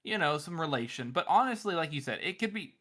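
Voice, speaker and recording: Guy cohosting a book podcast, kinda high bright voice, laughs and swears a lot. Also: lively intonation, fast. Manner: loose, laughing, swears freely. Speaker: podcast co-host. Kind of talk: casual chat.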